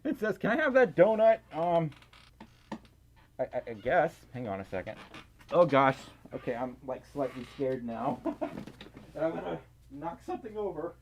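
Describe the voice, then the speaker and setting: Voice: mid-range voice, animated, normal speed, pauses often, a little hiss or hum. Breathless, giggly livestreamer. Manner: giggly, flustered, stumbling over words. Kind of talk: casual livestream chat reading donations.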